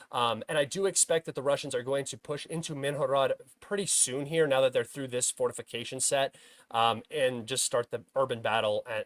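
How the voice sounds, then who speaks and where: A man's voice: mid-range voice, no echo. A young man hosting a livestream, casually talking through a war map with many uh and um fillers. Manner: filler-heavy, many uh and um restarts; bursts into loud frustrated shouting at himself. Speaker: host of a military map analysis stream.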